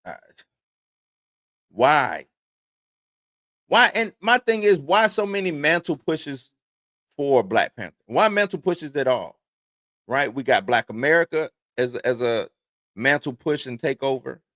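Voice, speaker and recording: A man in his forties hosts a loose, casual livestream in a dry, close-sounding space. His pitch sits in a middle range. He reads a news item aloud, then wanders off into conversational tangents. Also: very animated, a little slow, pauses often, a bit bright, dry recording. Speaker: host.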